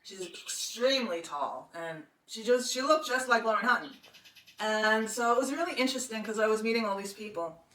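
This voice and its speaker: A woman's voice: a little high, moderate pace, fairly bright tone. A woman in her sixties telling a long personal story in a chatty, rambling way, often laughing. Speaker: podcast host. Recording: roomy, distant from the mic, faint noise.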